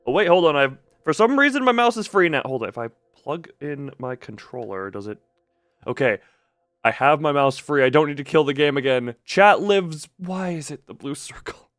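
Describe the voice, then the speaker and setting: A young man chatting on a game stream with a fairly high voice that swings up and down a lot. He rambles and jokes, tripping over words and restarting sentences as he talks to his viewers. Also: expressive, moderate pace, a bit bright, no echo, clean studio sound, soft background music. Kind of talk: casual live-stream chat while gaming.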